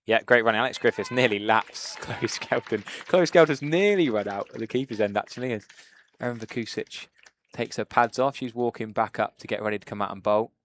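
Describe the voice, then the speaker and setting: A man giving live cricket commentary, lively, excitable on big shots and quick to laugh. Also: medium pitch, slight background noise.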